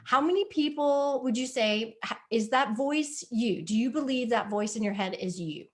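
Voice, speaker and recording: A woman's voice: on the high side, normal speed. Earnest woman giving an online talk. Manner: earnest, repetitive, coaxing. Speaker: wellness presenter. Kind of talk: live online presentation.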